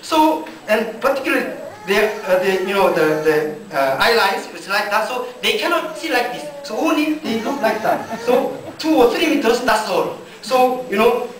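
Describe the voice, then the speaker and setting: A man with as his preaching a sermon in a church hall, speaking slow, deliberate English full of fillers and restarts. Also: sits high, expressive, fairly bright tone. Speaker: pastor. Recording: echoey church hall from far off.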